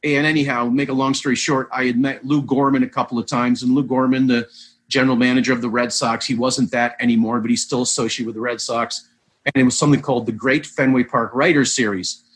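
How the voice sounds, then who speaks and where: A fast-talking vintage baseball player with a breathy, medium-pitched voice rambles through long anecdotes as an interview guest, animated and frequently restarting.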